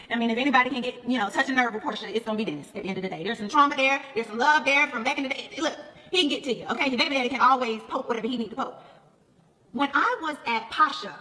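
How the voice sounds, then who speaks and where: A woman's voice: sits high, bright, forceful tone, in a large hall. A woman in casual gossip chat, telling stories bluntly and acting out both sides of conversations with lots of laughter. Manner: blunt, profane, laughs often. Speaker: reality show cast member talking to viewers.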